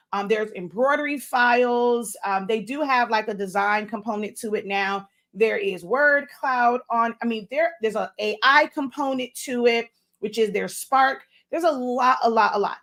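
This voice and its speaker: Chatty woman hosting a livestream. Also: on the high side. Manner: chatty, rambling, reads viewer comments aloud; chewing gum while talking. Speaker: livestream host for crafters. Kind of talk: casual live-stream chat.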